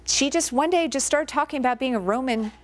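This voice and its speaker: A woman's voice: high-pitched, fairly quick. A woman hypnotherapist giving an informal guest lecture to students, talking conversationally and telling stories with plenty of filler words.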